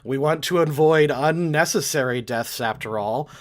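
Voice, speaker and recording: A man's voice: a little high, moderate pace, close to an everyday voice. A man voicing a curt, dismissive woman executive villain. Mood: cold. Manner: flat, dismissive.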